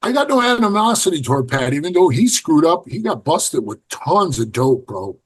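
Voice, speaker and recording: A middle-aged man with a somewhat high, husky voice tells stories in a blunt, profane way. He acts out what others said to him with lively swings in his voice. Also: moderate pace. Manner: blunt, profane, animated storyteller acting out quotes. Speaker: podcast guest, former biker club member. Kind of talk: casual storytelling interview.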